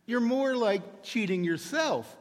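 A man voicing a golfer husband who calmly explains himself away, recorded in an echoey church. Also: extremely high pitch, slow, voice pushed up, full character voice. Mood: sheepish. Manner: matter-of-fact, excusing himself. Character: sheepish husband home from golf.

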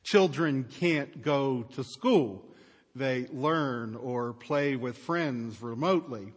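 A man's voice: medium pitch, slow pace, breathy edge, big-room sound. A male pastor giving a sermon, telling an everyday story with wry, exasperated rhetorical questions.

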